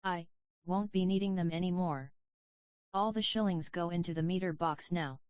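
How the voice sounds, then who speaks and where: Woman reading defiant activist mother, insistent, lowish voice, dry dull recording. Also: normal speed, a little mellow, smooth, dry recording, natural voice. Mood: flat.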